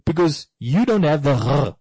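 A man's voice: on the high side, very animated, normal speed, dark tone, slightly rough, no room sound. A man hosting a casual talk discussion, talking animatedly and firing rhetorical questions at his co-host.

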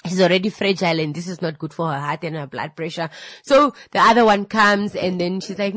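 A woman telling a story casually, animated and repeating herself, with many fillers. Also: fairly low pitch, fairly quick, dry recording. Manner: animated, repetitive, with filler words.

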